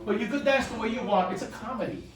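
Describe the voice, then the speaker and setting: Campo: diretora de coro. Sexo: mulher. Gravação: eco forte, longe do microfone, grupo conversando ao fundo. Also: female voice, a little high, animated. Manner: switches between English and Spanish, patient and slow when reading. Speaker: choir director. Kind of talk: rehearsal instruction. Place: rehearsal room with a choir. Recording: echoey room, far from the mic, chatter behind.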